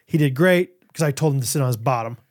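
A man in his thirties co-hosting a podcast, telling stories in casual chat and acting out shouted quotes. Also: mid-range voice, quick pace. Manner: animated storyteller, acts out shouted quotes. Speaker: podcast co-host.

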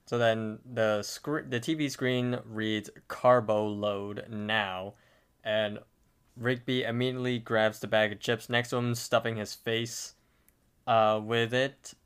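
A male podcast co-host narrates a cartoon episode step by step, with casual fillers along the way. His voice is smooth and clear, at an average pitch. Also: little pitch movement, unhurried, fairly bright tone.

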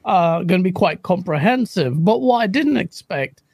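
A man's voice: high-pitched, moderate pace, creaky, husky, dry recording. Guy cohosting, chill and chatty, laughs thru his stories, dry mic. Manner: relaxed, chatty, laughing while telling stories. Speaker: podcast co-host. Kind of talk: casual chat.

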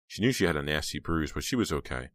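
A man narrating a horror audiobook in a measured, dramatic way. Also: a bass voice, big pitch swings, a bit bright, dry recording, clean studio sound. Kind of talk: scripted narration.

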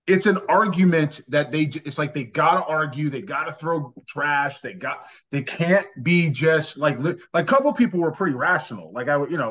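A man's voice: a little high, a bit bright. A man co-hosting a sports podcast, ranting emphatically and with exasperation, restarting his sentences often. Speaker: podcast co-host. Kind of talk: casual sports podcast talk. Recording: dull lo-fi audio.

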